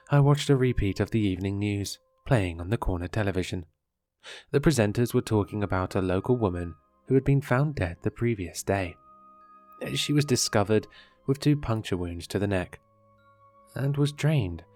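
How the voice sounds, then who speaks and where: A man narrating a horror story in a measured, dramatic way. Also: lowish voice, expressive, a little mellow. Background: faint music.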